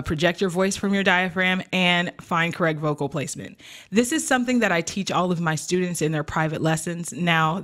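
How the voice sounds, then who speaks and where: Lower-pitched woman vocal coach teaching. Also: fairly bright tone. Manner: clear, encouraging step-by-step instruction, counting exercises aloud. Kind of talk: instructional video lesson.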